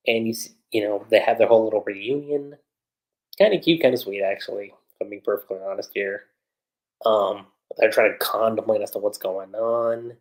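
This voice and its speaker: A man hosting a livestream, recapping an anime episode in a chatty, animated way, with lots of fillers. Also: lowish voice, normal speed, poor audio. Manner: animated retelling with frequent fillers. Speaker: anime reviewer.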